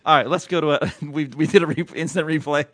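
A man's voice: on the high side, quick pace, a bit bright, no room sound. A man hosting a podcast in casual chat, joking and laughing often. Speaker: podcast host.

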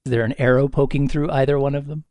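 A man's voice: mid-range voice, level tone, quick pace, a little mellow, no room sound, clean studio sound. Cautious man asking the gm questions. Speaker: player. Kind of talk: casual tabletop play.

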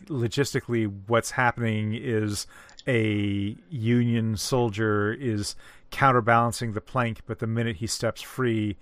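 A man in a casual literary discussion, explaining at a measured, careful pace and pausing to find his words. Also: on the low side, fairly even intonation, fairly bright tone, dry recording. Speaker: discussion co-host.

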